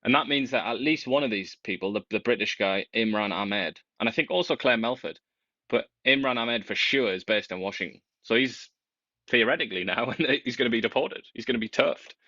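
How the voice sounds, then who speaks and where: A man co-hosting a casual political chat, talking in an animated, wry way with big swings in pitch. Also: brisk, no echo, lo-fi sound.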